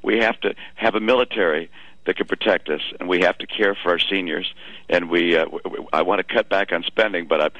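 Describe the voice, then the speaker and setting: A man calling in to a radio interview, brisk and jovial, laughing off challenges. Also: sits low, fairly bright tone, no echo, muffled recording. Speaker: phone-in interview guest.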